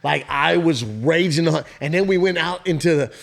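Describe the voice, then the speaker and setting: A man's voice: a little high, normal speed, gravelly. A man telling a long story in casual podcast chat, swearing freely and laughing often. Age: adult with a father-in-law and kids. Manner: animated, profane storytelling with bursts of laughter. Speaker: podcast co-host.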